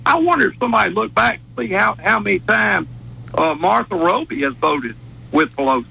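A man's voice: sits high, animated, vocal fry, sharp tone, rough recording. A man with a Wiregrass Alabama accent, a judge calling in to a talk show, talking in a combative, fired-up way. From southeast Alabama. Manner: fired-up, rapid, combative, laughing.

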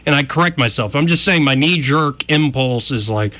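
A man's voice: medium pitch, normal speed. A man chatting casually as a podcast host, self-deprecating, laughing often and acting out the people in his stories. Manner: animated storyteller, acts out quotes. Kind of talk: casual chat.

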